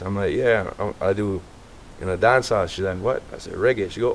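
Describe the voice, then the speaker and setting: A middle-aged Jamaican man, an artist as guest, telling stories in a relaxed casual interview. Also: sits low, fairly quick, slight background noise. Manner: relaxed, animated storytelling with quoted voices.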